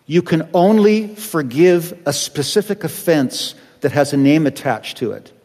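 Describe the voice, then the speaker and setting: A man's voice: on the high side, lively intonation, unhurried, a little mellow, long reverb tail. A male pastor preaching a sermon, acting out the people he quotes.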